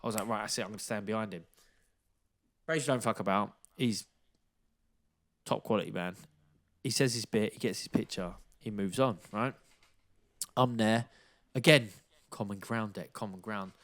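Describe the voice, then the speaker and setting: A man, telling a lively, sweary story in casual podcast chat and acting out the lines of people he met. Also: on the low side, moderate pace. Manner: animated anecdote-telling, swears freely, acts out quotes. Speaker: podcast co-host, former boxer.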